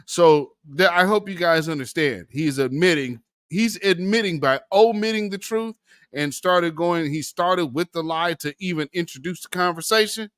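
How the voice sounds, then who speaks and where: A man's voice: fairly high pitch, moderate pace, a bit bright, dry recording, clean studio sound. A man hosting a political commentary vlog, impassioned and preachy, calling his viewers family and brother. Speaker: commentary channel host.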